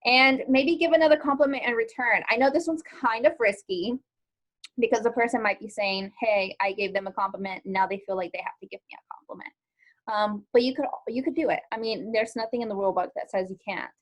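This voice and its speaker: With a slightly high voice and a somewhat fast pace, a woman gives an online class a lesson in social skills. She keeps quizzing the students and speaks casually, peppering her talk with "likes" and "ums."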